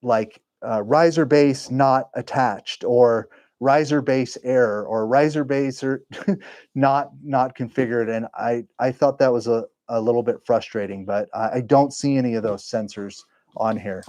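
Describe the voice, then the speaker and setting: Mellow-voiced man hosting a casual livestream. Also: medium pitch, unhurried, dry recording. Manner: rambling, self-correcting, chatty. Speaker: livestream host and engraving business owner. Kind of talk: casual live-stream chat.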